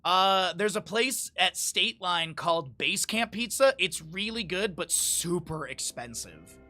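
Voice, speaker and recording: A man's voice: high-pitched, animated, a little slow, sharp tone. A man streaming, chatting casually with his chat, laughing often and reading aloud from a menu. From Lake Tahoe area, United States.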